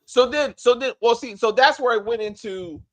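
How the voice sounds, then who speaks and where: A man co-hosting a casual spoiler review, animated and exasperated, swearing freely and acting out scenes. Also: very high voice, normal speed. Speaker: movie review co-host.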